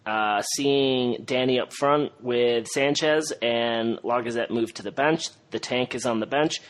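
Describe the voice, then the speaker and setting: A man's voice: medium pitch, rough recording. A man hosting a podcast, steering the talk and posing long questions to his guest. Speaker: podcast host. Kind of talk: casual podcast interview.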